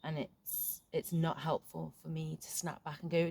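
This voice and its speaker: Low gravelly-voiced middle-aged woman vlogging. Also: little pitch movement, dark tone, no room sound. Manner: frank, halting, swears casually. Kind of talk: candid reflective vlog. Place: outdoors in a garden.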